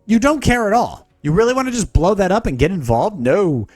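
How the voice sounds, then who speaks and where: A man's voice: high voice, lively intonation, a little fast, slightly rough, faint music behind. A man hosting a solo podcast, giving blunt, sarcastic advice full of swearing. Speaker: podcast host.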